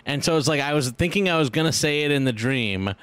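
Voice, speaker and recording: A man co-hosting a casual chat, cracking dry, deadpan jokes. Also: on the high side, fast, clean tone, dry recording. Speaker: co-host.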